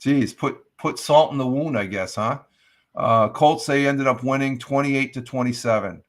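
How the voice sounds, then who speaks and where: A man's voice: mid-range voice, normal speed. A man hosting a casual morning livestream, rambling with many fillers and reading the chat aloud. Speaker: livestream host. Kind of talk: casual live-stream chat.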